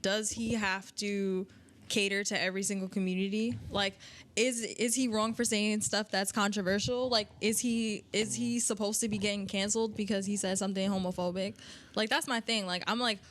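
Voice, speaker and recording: A woman's voice: mid-range voice, steady tone, moderate pace, a bit bright. A woman guest on a podcast, chatting loosely and questioning things, with many fillers. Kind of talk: casual chat.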